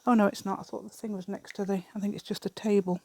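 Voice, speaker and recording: A woman's voice: medium pitch, level tone, quick pace, dark tone, no room sound. A woman chatting casually while she crafts at an outdoor table, rambling along with self-deprecating asides. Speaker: craft vlogger. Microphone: camera set on the table.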